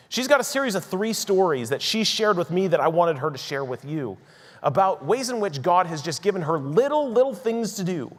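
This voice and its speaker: Lively-voiced pastor in a reverberant church. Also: male voice, on the high side. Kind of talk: sermon closing, introducing a guest. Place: church sanctuary. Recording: long reverb of a church hall.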